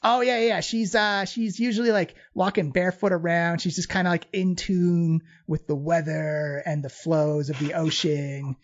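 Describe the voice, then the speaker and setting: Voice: medium pitch, steady tone, moderate pace, hardly any pauses, highs cut off, natural voice. A game master voicing a chatty male goblin ship's cook who rambles and gossips. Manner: rambling gossipy talk, full of fillers.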